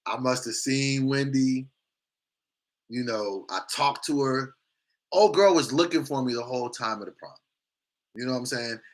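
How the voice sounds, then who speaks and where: A man hosting a morning show, telling a story in a casual, animated and profane way, acting out the lines of the people in it. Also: medium pitch, normal speed, pauses often.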